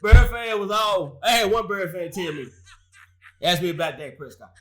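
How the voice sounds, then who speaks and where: A man's voice: sits high, normal speed, pushed and bright. A man hosting a casual sports talk show, trash-talking rival fans with frequent laughter.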